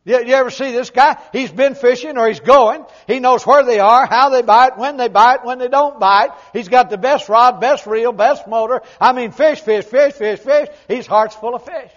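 An older man preaching a humorous, folksy sermon, swinging from loud emphatic lines to quiet low asides. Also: normal speed, hardly any pauses, lo-fi sound.

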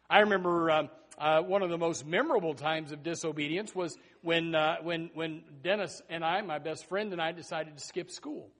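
This middle-aged preacher's sermon meanders into a lengthy story from his own life, loaded with restarts and side remarks. His voice runs slightly high for a man and sounds a bit bright.

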